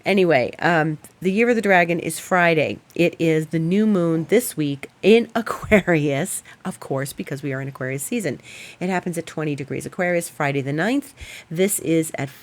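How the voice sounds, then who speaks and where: A middle-aged woman astrologer hosting her show, telling an animated, chatty story and laughing often before giving her forecast. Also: low-pitched, moderate pace. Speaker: astrologer host.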